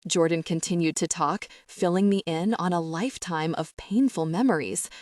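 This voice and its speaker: A woman's voice: on the low side, moderate pace, few pauses, darkish tone, dry recording, studio quality. A woman narrating a romance audiobook in the first person, reading in an emotional, tearful way. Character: hurt, furious young woman demanding answers.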